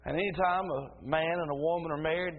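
Gravelly preacher man in echoing hall. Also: fairly high pitch, steady tone, fairly quick, a little hiss or hum. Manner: emphatic, rising to loud preaching cadence. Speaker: pastor. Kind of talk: sermon. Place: church sanctuary. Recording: tinny phone-like sound in a reverberant hall.

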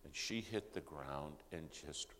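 A man telling a personal testimony in sermon-style storytelling, dramatic and dropping to hushed whispers for emphasis. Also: very deep voice, slow. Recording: long reverb in a large hall, faint background noise.

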